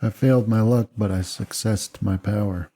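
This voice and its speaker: A man's voice: on the low side, steady tone, moderate pace, warm tone. A man playing a tabletop horror game, playful and joking in character, over an online call. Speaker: player.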